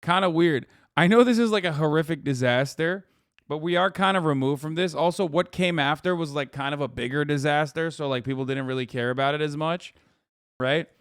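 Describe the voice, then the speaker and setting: A man streaming reaction commentary, talking in a profane, animated and mocking way. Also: on the high side, fairly quick, clear, resonant tone, dry recording, studio quality.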